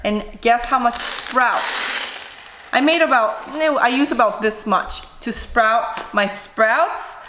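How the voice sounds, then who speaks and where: A chatty woman vlogger with a slightly high voice, demonstrating food and talking straight to her viewers. Her home kitchen rings with echo, with a faint hiss underneath. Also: slow. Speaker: cooking vlogger. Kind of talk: casual chat to camera. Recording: echoey room, faint noise.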